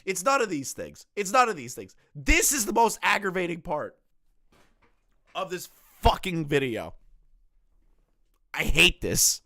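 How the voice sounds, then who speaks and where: Dude ranting and cussing through a reaction vid, voice kinda strained, dry close mic. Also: male voice, high voice, sing-song, measured pace, gravelly, pauses often, bright, forceful tone, no room sound. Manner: ranting, swearing, laughing often. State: strained voice, not back to normal. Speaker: commentary host. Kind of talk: profane reaction commentary.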